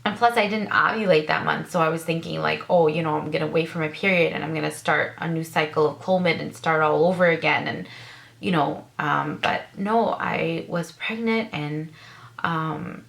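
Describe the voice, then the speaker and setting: A woman's voice: sits low, moderate pace, vocal fry, a bit bright. A woman in her thirties casually telling a personal story, full of fillers and emotion, quoting herself and her husband. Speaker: vlogger sharing her story.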